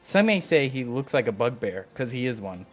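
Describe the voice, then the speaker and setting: A man narrating as game master, loose and filler-heavy as he describes what the players see. His voice is middling in pitch, with faint music playing behind him. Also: very animated, moderate pace.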